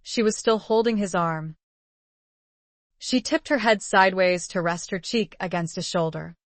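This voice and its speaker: Calm woman narrating an audiobook. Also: mid-range voice, dry recording. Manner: calm, measured storytelling. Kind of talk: scripted narration of a romance novel.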